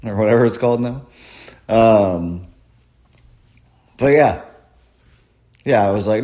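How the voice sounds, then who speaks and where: A man's voice: lowish voice, slow, long pauses, warm tone. A man performing a rambling, crude, self-deprecating stand-up comedy set at a live show.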